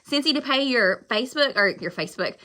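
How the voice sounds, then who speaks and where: A woman giving a live-stream pep talk to her sales team, loud, emphatic and blunt but apologetic, rambling as she goes. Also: on the high side, animated, brisk. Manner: loud and fired up, talks emphatically. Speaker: direct-sales consultant.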